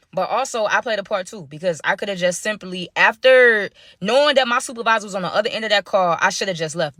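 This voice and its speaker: Bright-voiced young woman telling a story. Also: mid-range voice, dry recording. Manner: slangy, chatty, addresses viewers directly. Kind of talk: casual storytime to camera.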